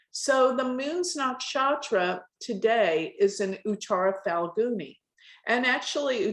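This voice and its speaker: A middle-aged woman teaching an astrology class, pronouncing every word clearly with deliberate stress. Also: mid-range voice. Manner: clearly enunciated, carefully stressed words. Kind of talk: lecturing a live astrology class. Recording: echoey room.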